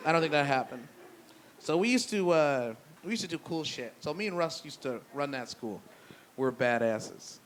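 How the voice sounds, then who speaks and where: A man's voice: fairly high pitch, animated, moderate pace, a little hiss or hum. Rambling, profane stand-up comic man. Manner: profane, self-deprecating storytelling; loose, rambling delivery with restarts. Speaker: stand-up comedian. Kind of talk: stand-up comedy. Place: brewery comedy show with live audience.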